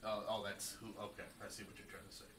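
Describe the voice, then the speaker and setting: A man's voice: fairly low pitch, little pitch movement, fast, a bit bright, close to an everyday voice. A man playing a groggy young fiancé, just awake. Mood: drowsy. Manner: groggy, drowsy and casual. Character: soft-spoken male fiancé waking from sleep. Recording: roomy, distant and noisy.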